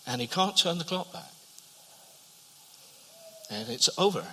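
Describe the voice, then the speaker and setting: A man preaching in a hall with a long, ringing reverb. His voice is high and very bright, almost sharp. He tells the story in a storyteller's way, repeats words as he goes, and sinks to a near hush for the tender parts. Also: animated, unhurried, slight background noise. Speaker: pastor. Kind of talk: sermon.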